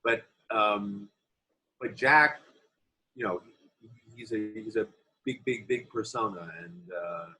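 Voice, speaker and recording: A man, an actor being interviewed, telling animated anecdotes from film sets in a casual way. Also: fairly low pitch, slow, long pauses, rough recording. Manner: animated anecdotes, acts out quoted voices. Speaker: actor guest. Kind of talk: interview storytelling.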